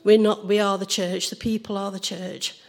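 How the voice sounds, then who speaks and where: Croaky woman leading prayer. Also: medium pitch, flat delivery, moderate pace. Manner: cheerful, prayerful. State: hoarse. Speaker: church service leader. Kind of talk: leading prayer and reading scripture. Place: church.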